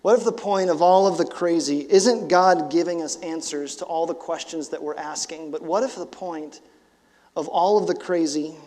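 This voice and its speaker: A pastor in his forties preaches with a high, bright-edged voice, moving between casual asides and emphatic bursts. His words ring out with a long reverb trailing behind them in the hall. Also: normal speed. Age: 40s. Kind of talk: sermon.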